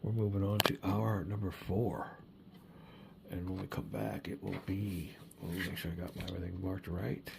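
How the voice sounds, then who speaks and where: A man's voice: deep voice, level tone, moderate pace, gravelly, noisy background. A middle-aged man narrating his solo board wargame, chatting and thinking aloud as he rolls dice. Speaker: board game player and channel host. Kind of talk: solo wargame playthrough commentary.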